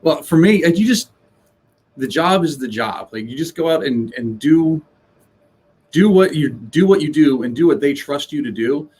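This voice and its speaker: A man's voice: fairly high pitch, lively intonation, normal speed, darkish tone, husky. A man speaking as a guest on a casual podcast, blunt and rambling, restarting sentences and swearing. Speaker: guest, live sound engineer. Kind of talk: casual interview chat.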